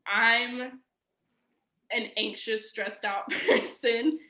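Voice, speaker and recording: A woman's voice: a little high, fairly even intonation, very slow, bright, forceful tone. A young woman telling a personal story as a podcast guest, chatty and casual, full of "like" and fillers. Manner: chatty, filler-heavy with frequent "like" and laughs.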